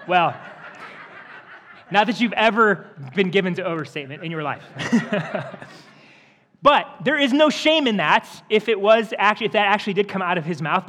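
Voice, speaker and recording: High-voiced man preaching in a reverberant church. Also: a bit bright. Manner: earnest, with repeated word restarts. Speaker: pastor. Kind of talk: sermon. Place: church sanctuary.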